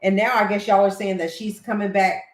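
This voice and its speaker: A woman's voice: mid-range voice, brisk, reverberant, rough recording. Chatty older Southern woman hosting a livestream. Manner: chatty, excitable, laughs easily. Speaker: livestream host. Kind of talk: casual live-stream chat.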